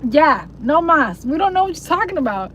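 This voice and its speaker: A young woman livestreams, chatting casually to viewers in a rambling, slangy, profane way and mocking voices. Her voice is high-pitched, a bit bright, and swings widely in pitch at a fairly quick pace. The audio is poor, with slight background noise.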